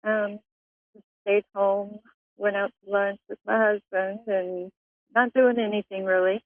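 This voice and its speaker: A woman calling in to a show, speaking softly and hesitantly with many pauses. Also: mid-range voice, level tone, dry recording. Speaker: caller. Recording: tinny phone line.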